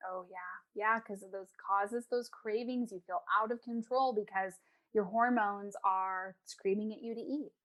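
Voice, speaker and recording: A woman who coaches people on emotional eating gives advice as a guest in a casual interview. She is animated and acts out her clients' voices, speaking at a medium pitch and an unhurried pace.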